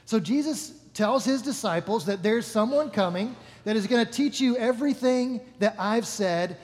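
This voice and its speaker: A man with a high-pitched voice preaches a sermon in an easy, joking way. He stops to correct himself and talks to the room like friends. The sound rings with the long reverb of a large hall. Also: normal speed. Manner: casual, joking, self-correcting. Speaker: pastor. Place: church hall.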